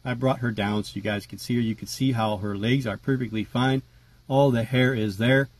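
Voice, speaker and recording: A man talking casually to camera about his tarantulas, relaxed and chatty with lots of fillers. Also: mid-range voice, normal speed, no echo. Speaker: tarantula keeper vlogger. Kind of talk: casual rambling vlog.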